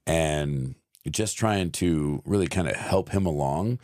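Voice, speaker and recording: Very deep-voiced man, halting casual talk. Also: a little mellow, no room sound, studio quality. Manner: halting, searches for words, swears casually. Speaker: podcast co-host. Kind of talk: casual conversation.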